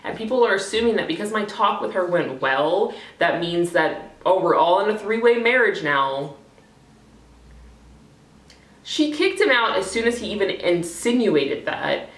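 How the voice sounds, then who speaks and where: A young woman vlogger talks candidly to her camera in a rambling, casual talking-head vlog, swearing freely and using many fillers. Her medium-pitched voice is expressive and unhurried, recorded in an echoey room a little far from the mic.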